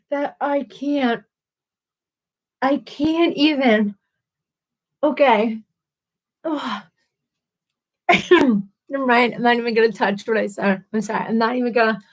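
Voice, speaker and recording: A woman's voice: a little high, poor audio. A woman hosting a casual livestream chat, giggly, rambling and apologetic, a little tipsy from drinks. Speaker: livestream host.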